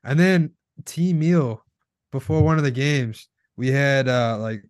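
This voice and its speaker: Brief: young guy, mid-pitched, dry close mic, swears casually while recounting old times. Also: measured pace, no room sound. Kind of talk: casual chat.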